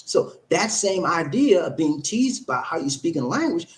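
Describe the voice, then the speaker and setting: A man's voice: fairly high pitch, very animated, moderate pace, poor audio. A man living abroad, talking casually to viewers, emphatic and repetitive, often checking in with "okay?" and "huh?". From from abroad, living in the Philippines. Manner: emphatic, repeats words, asks "okay?" and "huh?". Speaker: vlogger addressing viewers. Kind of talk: casual talking-to-camera advice.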